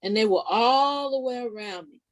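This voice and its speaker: A woman guesting on a podcast as a spiritual life coach, telling a personal story casually and expressively, her voice leaping high at the big moments. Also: moderate pace, low-quality recording. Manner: animated, expressive retelling with sudden pitch leaps; casual, informal phrasing with restarts.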